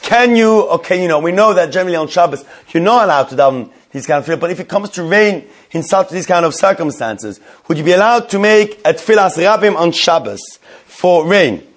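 A man's voice: sits high, lively intonation, brisk. A man leading a Jewish law class, asking questions aloud and thinking through answers with many fillers. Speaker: Torah class teacher. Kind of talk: Talmudic-style halacha class.

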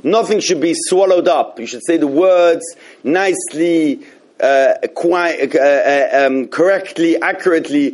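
A man teaches a religious law class, his voice sitting a little high for a man. He rambles and restarts often, stopping to search for words. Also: moderate pace, darkish tone. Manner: rambling, many restarts and fillers. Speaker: Torah teacher. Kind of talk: halacha class.

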